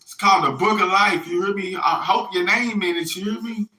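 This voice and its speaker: High, sharp-voiced middle-aged man preaching casually. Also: a little fast, echoey room, rough recording. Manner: rambling, profane, keeps asking "you hear me?". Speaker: self-styled religious messenger. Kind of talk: casual spiritual monologue.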